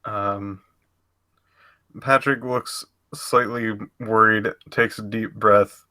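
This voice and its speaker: Slow, flat-voiced earnest man. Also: on the low side, no echo. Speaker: player voicing Patrick. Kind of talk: in-character tabletop role-play.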